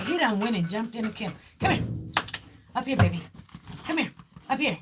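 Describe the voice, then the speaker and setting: A woman's voice: fairly high pitch, very animated, fairly quick, pauses often, heavy background noise. Chatty woman hosting a home livestream. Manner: chatty, repeats herself, reads out viewer comments; coaxes her dog with cooing repeats. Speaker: livestream host. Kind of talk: casual livestream chat.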